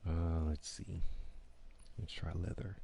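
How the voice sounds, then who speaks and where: A man's voice: sits low, flat delivery, slow pace, vocal fry, warm tone, a little hiss or hum. A man giving casual gameplay commentary, thinking aloud with hesitant ums and restarts as he weighs his options. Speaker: gaming video creator.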